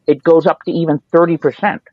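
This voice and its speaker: A rambling male podcaster in loose, casual talk who slips into quoted voices while he tells a story. His pitch sits a bit high and his voice is dry and close. The sound is dull and lo-fi. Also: fairly even intonation, fast talker, dry recording. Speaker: podcast host. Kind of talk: casual chat.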